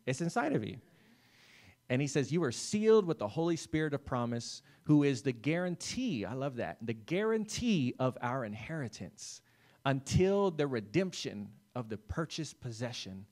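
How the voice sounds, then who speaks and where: A male pastor preaching a sermon in a relaxed, conversational way, calling out listeners by name and checking in with "right?" and "amen.". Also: mid-range voice. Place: church service.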